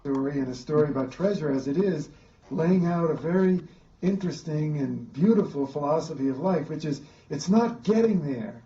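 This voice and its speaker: A man's voice: fairly high pitch, animated, moderate pace, warm tone. A man interviewing, speaking in an earnest, admiring way. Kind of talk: interview remarks. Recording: distant, dull interview audio.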